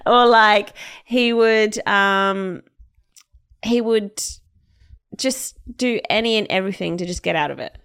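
A woman's voice: medium pitch, slow pace, smooth. A woman co-hosting a podcast, retelling a story in casual chat and acting out the quotes with lots of laughter. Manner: animated storyteller, acts out quotes, laughs often. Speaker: podcast co-host.

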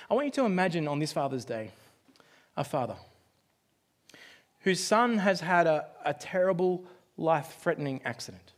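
A man preaching from the pulpit, his voice sitting a little higher than most. He tells his story dramatically, rising to loud outbursts and then dropping to near-whispers. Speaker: pastor. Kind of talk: sermon.

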